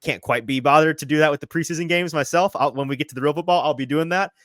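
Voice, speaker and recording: A man hosting a sports podcast in casual chat, quick and self-deprecating, a little out of breath. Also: fairly high pitch, fairly bright tone, no room sound. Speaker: podcast host. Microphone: headphones, remote call.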